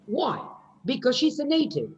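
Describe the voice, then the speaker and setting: A woman's voice: sits high, sing-song, normal speed. A woman with a British English accent teaching a phonetics class online, explaining and correcting students. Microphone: video call. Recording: dull lo-fi video call audio.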